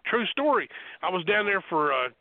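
A man with a Southern accent, a wrestling manager telling boastful stories in an animated way, full of restarts. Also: high voice, normal speed, dry recording. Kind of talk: storytelling on a podcast. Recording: tinny phone line.

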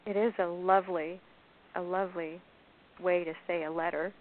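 A woman calling in to a poetry radio show, speaking softly, slowly and deliberately. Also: on the low side, fairly even intonation. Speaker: caller and poet. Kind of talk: phone-in conversation. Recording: tinny phone line with faint hiss.

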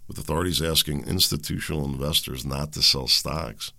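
A man's voice: extremely low pitch, brisk, vocal fry, bright, forceful tone. A male radio show host giving rambling, conversational solo commentary and chuckling at his own remarks.

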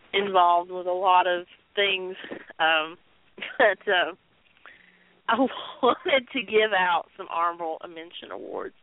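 A woman co-hosting a wrestling talk show, telling stories in an animated, chatty way with laughs and fillers. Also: mid-range voice. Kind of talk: casual chat. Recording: tinny phone-line sound.

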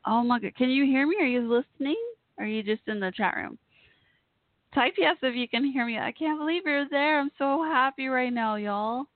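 A woman with a high-pitched voice and a moderate pace hosts a casual live internet radio chat show. She gushes, gets emotional, and rambles, and the dry recording has a tinny, phone-like sound with no echo.

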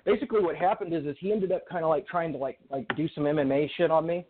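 A man's voice: on the high side, fast, noisy background. A man calling in, telling a story in a rambling, profane way with lots of restarts. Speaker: caller. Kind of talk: casual storytelling. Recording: tinny phone line.

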